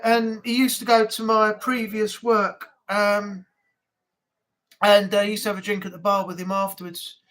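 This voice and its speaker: A man's voice: high-pitched, bright, forceful tone. A man from England hosting a casual live chat, rambling with many ums. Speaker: live stream host.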